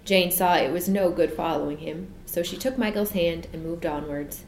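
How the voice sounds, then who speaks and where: A woman narrating a children's storybook in a gentle, measured way. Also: lowish voice, creaky. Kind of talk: storybook reading. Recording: echoey room, faint noise.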